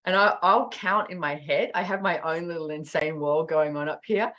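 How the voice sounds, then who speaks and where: Lively storytelling woman, lowish voice. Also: normal speed. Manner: animated storytelling with acted-out quotes. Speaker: podcast host. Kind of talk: casual chat.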